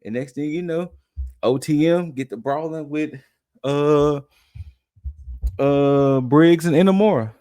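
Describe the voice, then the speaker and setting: A young adult man co-hosts a podcast about wrestling, loosely recapping events in a conversational way and acting out quotes along the way. His voice is fairly high, mellow and smooth, and he takes it slowly with long pauses. The recording has no room sound.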